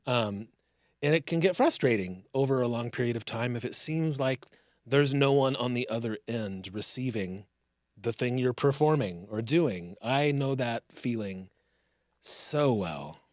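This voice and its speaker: A man of middle pitch hosts a podcast in a relaxed, rambling way, reflecting as he goes. The sound is dry and close, with no room around it. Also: unhurried, no echo. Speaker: podcast host and comedian. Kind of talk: casual podcast chat.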